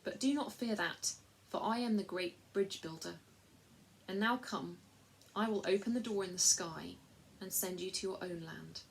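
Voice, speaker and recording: Female reader doing a grave, gentle male lion, storybook read-aloud, slightly raised voice. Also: mid-range voice, moderate pace, creaky, a little hiss or hum, close to an everyday voice, low-quality recording.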